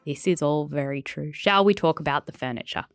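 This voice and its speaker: A woman co-hosting a podcast, chatting casually with wry, deadpan asides. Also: sits low, a little fast, clear, resonant tone, soft background music. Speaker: podcast co-host. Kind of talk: casual chat.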